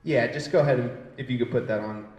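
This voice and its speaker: A man in his twenties does a brash, profane stand-up set and riffs with the crowd in a gallery space serving as a comedy stage. His mid-range voice has a darkish tone and moves at a quick pace, and the room sounds reverberant.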